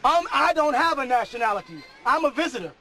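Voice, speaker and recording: A middle-aged man preaching a sermon to a live audience, often shouting and laughing. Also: very high-pitched, big pitch swings, fast talker, some chatter behind, poor audio.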